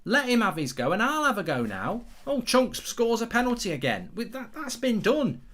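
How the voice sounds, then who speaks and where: Animated man hosting a watchalong. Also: very high-pitched, normal speed. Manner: rambling, sarcastic, swears and sings along in bursts. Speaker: football watchalong host. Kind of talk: casual live-stream chat.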